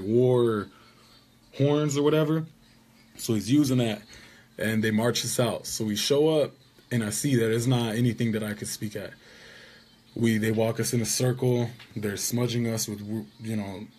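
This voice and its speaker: A man's voice: mid-range voice, dark tone, breathy edge. A man casually telling a rambling story about being wronged, with an indignant tone. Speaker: vlogger.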